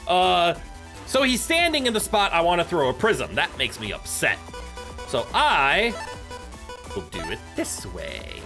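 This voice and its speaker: A woman streamer with a deep, sing-song, slightly bright voice speaks unhurriedly over faint background music. Giving playful let's-play commentary as she games, she laughs a lot and swears when things go wrong.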